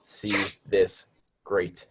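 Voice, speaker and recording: A young man co-hosting a casual podcast, upbeat and encouraging, giving shout-outs and asking listeners to comment. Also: very slow. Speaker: podcast co-host.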